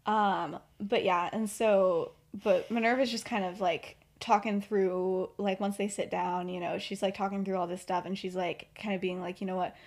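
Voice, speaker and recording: Softly chatty young woman retelling a story. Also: medium pitch, flat delivery, normal speed, few pauses. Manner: chatty, many fillers, quiet storytelling voice. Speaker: podcast host and writer. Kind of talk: casual retelling of her own fan story.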